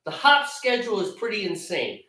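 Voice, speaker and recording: A man's voice: high-pitched, big pitch swings, normal speed, sharp tone. A man co-hosting a home brew stream, ranting in a casual, exasperated, self-mocking way. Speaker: homebrewer co-host of a live stream. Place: home brewing area, computer far away. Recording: roomy sound from a mic far off.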